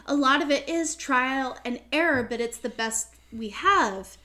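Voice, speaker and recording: Woman co-host, high voice, thoughtful and measured, casual chat. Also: pushed and bright. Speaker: podcast co-host. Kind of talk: casual discussion.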